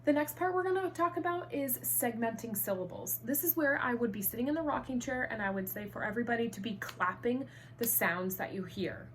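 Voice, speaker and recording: A woman's voice: a little high, lively intonation, a little fast, slight background noise. Upbeat woman teaching first grade online. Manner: upbeat, encouraging, clearly enunciated. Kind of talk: online reading lesson.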